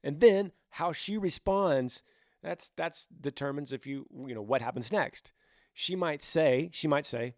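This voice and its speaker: Lively male podcast host, dry close sound. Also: medium pitch, a little slow, dry recording. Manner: animated, acts out both sides of conversations. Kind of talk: casual advice podcast.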